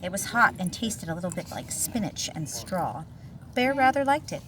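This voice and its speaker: A woman reading a picture book aloud to a child, expressive and gentle, pausing to chat about the pictures. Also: lowish voice. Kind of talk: storybook read-aloud with asides. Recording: distant mic, faint room noise.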